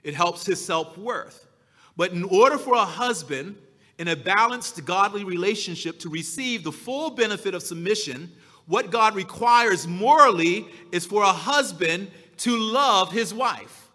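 A man preaching a sermon as pastor, slow and emphatic, drawing out his key words. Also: high-pitched, animated, sharp tone, long reverb tail.

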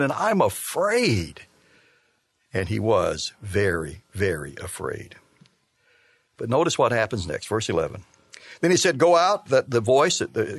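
A man preaching a sermon, reading scripture aloud and explaining it with measured, emphatic delivery. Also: mid-range voice, no room sound. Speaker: pastor.

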